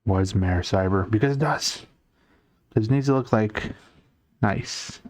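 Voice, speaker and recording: A man's voice: on the low side, moderate pace, a little mellow, no echo, clean studio sound. A young man casually chatting with his chat while drawing on a live stream, rambling and answering comments as he works. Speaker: art streamer.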